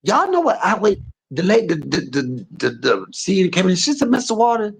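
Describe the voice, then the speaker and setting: Gravelly man preaching from a hospice bed. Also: high voice, wildly swooping pitch, normal speed, a little hiss or hum. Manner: gravelly, husky voice, preachy and emphatic. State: in pain. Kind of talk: casual preaching talk. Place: hospice room.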